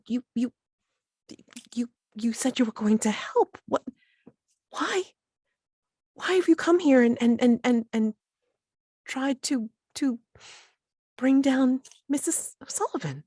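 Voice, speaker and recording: A frantic young woman stammers through her pleas, her voice close to breaking. A woman acts her out with a husky tone in a tabletop game, close to the mic in a dry room. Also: low voice, very animated, a little fast, a bit bright, no echo, heavily acted. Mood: pleading, upset. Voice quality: pleading, stammering, near tears. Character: distressed young woman, wringing hands.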